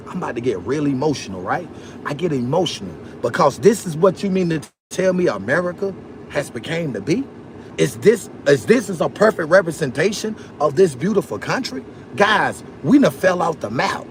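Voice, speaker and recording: A man's voice: a little high, a bit bright, slight background noise. A man hosting a political livestream, talking in a fiery, preachy way, repeating phrases and calling out to viewers for likes and amens. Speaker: livestream host.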